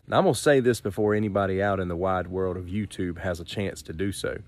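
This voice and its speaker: A man's voice: sits low, quick pace. A man with a Southern US accent, talking casually and directly to his viewers as he reviews a knife. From Southern United States. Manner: folksy and chatty, addresses viewers directly. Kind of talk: casual product review vlog.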